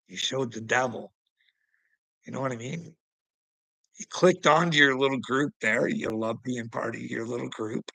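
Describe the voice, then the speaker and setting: A man delivering a preachy, taunting rant at a rival, laughing mockingly, swearing, and swinging between loud outbursts and low mutters. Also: vocal fry, slightly rough, no echo, rough recording. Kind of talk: ranting monologue to a rival streamer.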